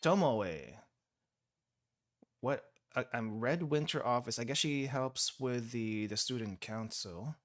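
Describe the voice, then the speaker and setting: A man's voice: medium pitch, animated, slow. Rambling young male gaming streamer. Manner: rambling, self-correcting, laughs often. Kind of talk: casual gameplay commentary. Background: game music.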